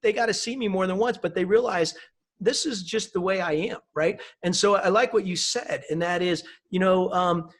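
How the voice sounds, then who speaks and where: A man's voice: high voice, moderate pace, a bit bright. A man talking as an interview guest in an upbeat, enthusiastic way, often ending his points with "right?" and "you know". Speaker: guest speaker. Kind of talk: conversational interview.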